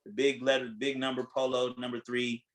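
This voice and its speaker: A man hosting a podcast in casual chat, retelling a reality show in a blunt, animated way, acting out what people said and swearing freely. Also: medium pitch, brisk, low-quality recording. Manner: animated storytelling, acting out quotes. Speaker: podcast host.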